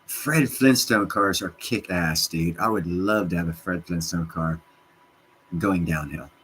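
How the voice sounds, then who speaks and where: A man hosting a livestream, chatting with viewers in a rambling, profane, excitable way and jumping from topic to topic. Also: low-pitched, unhurried, a little hiss or hum, poor audio. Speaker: livestream host answering chat. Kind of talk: casual rambling rant.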